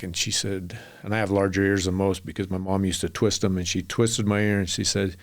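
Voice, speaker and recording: A middle-aged man with a low, deep voice, a guest on a podcast. He tells long, rambling stories and slips into the voices of the people in them. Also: little pitch movement, brisk, vocal fry. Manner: rambling anecdotal storyteller, acts out quotes. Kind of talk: storytelling in a podcast interview.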